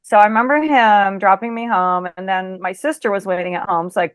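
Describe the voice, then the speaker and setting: A woman's voice: mid-range voice, steady tone, quick pace, few pauses, dry recording. Chatty woman telling a story dryly. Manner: chatty, lots of fillers like "like" and "you know"; acts out quoted lines in her telling. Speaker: interview guest. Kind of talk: casual storytelling.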